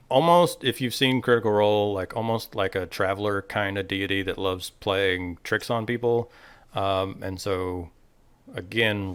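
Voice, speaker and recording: A man chatting casually in an interview about tabletop games, rambling and relaxed with many fillers. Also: fairly low pitch, smooth, no room sound. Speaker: podcast host.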